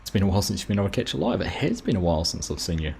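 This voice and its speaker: Brief: New male streamer, deep voice, easygoing live commentary, faint hiss underneath. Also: rapid-fire, creaky. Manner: chatty, greets viewers by name, relaxed. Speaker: streamer, host of a live farming game stream. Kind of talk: casual live-stream commentary while playing.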